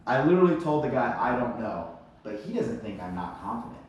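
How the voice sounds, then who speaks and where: Sales manager, man, animated, mimics clients; echoey, far from the mic. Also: medium pitch, brisk. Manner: animated storytelling, laughs, acts out calls. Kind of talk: team training talk.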